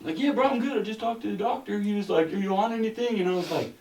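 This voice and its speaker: A man with a slightly high voice tells a story on a podcast, animated and full of swearing. He sits back from the mic, so the studio room rings around him. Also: quick pace, creaky, slight background noise. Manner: animated, profane, peppered with "bro". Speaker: podcast co-host. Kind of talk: casual storytelling. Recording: roomy sound from a distant mic.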